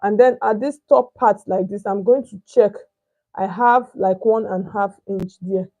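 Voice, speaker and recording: Through a recording with the highs cut off, a young Nigerian woman speaks in a mid-range, slightly mellow voice at normal speed with fairly even intonation. She's a chatty sewing instructor demonstrating pattern cutting step by step, often checking if viewers can see and looking for the right word.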